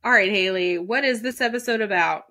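A woman's voice: medium pitch, fairly quick, noisy background. A woman co-hosting a casual podcast, chatty and giggly, often stopping herself mid-sentence. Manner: giggly, chatty, self-interrupting. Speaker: podcast co-host.

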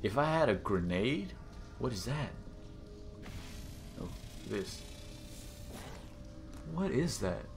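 Soft music plays under a young man's medium-pitched, slow commentary, which pauses often. He runs a gaming channel and narrates his let's-play casually, excitably gasping and exclaiming throughout his exploring.

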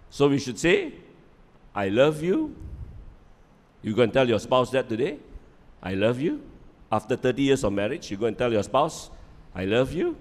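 A man's voice: medium pitch, darkish tone, long reverb tail. A middle-aged man giving a conversational parenting talk, often repeating words and checking in with "yeah?". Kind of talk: live lecture with humor.

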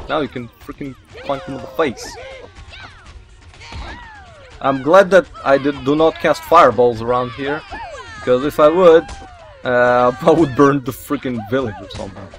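A man hosting a let's play, giving casual gameplay commentary. He gets excited, talks straight to the game characters, swears mildly and laughs at his own slips. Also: medium pitch.

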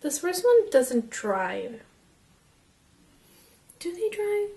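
A young woman casually reviewing makeup as she swatches it, chatty and excitable and half losing her voice. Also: very high voice, extremely slow, gravelly. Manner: chatty and excitable, drops to whispers. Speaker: beauty vlogger.

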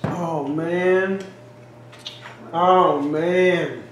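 A cooking channel co-host with a fairly high, fairly even voice speaks extremely slowly during a home taste test. He exclaims and chats in a folksy way in an echoey kitchen, with faint ambience and a little hiss or hum on the recording.

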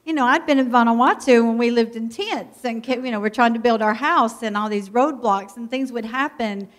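A middle-aged woman, a missionary pastor's wife, telling a lively, heartfelt story to a church. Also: a little high, moderate pace. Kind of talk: personal testimony to a church.

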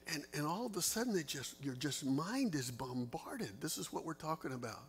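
A man's voice: on the high side, lively intonation, normal speed, few pauses. A man, a pastor teaching a Bible study in an earnest, conversational way, his voice leaping up for emphasis. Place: church.

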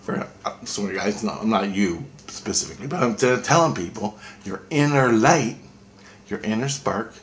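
A man's voice: on the low side, animated, normal speed, a little hiss or hum. A man vlogging a rambling, intense spiritual monologue, swearing freely.

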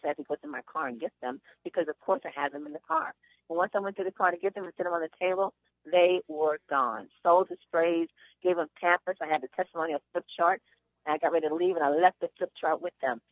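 A woman's voice: on the low side, no echo. A woman hosting a conference call, telling chatty stories and giving upbeat sales encouragement over a phone line. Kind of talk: motivational sales talk with anecdotes.

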